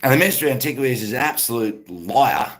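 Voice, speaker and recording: A man's voice: medium pitch, animated, fast, a bit bright, faint music behind. A man, rambling casually to his live-stream chat and greeting viewers by name.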